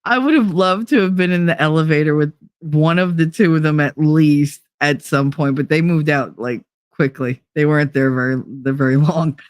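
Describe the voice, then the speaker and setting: A woman's voice: sits low, fairly even intonation, normal speed, hardly any pauses, no echo, clean studio sound. A woman hosting a casual live stream, reading chat aloud and telling stories in a blunt, profane way. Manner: laughs often.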